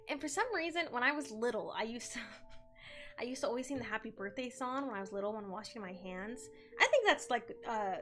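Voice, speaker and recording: High-voiced giggly young woman streamer. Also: bright, forceful tone. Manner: giggly and chatty, reads chat aloud. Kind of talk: casual co-working stream chat.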